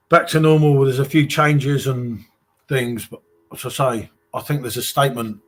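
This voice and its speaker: A man with an English accent hosting a live stream, chatting casually and reading out viewer comments, calling everyone mate. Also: medium pitch. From England. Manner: chatty, reads viewer comments aloud, calls people mate.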